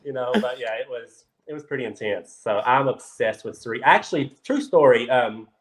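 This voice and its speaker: Man from kentucky, excitable guest, animated storyteller, mid-pitched voice. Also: normal speed, poor audio. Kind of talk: casual chat, storytelling.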